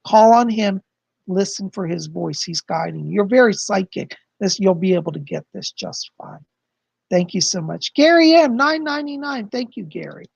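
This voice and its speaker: A man's voice: high voice, moderate pace, gravelly, husky, no echo, muffled recording. A man hosting a live-stream psychic reading, effusively thanking viewers, calling them darling and passing on messages from spirits. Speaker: psychic host.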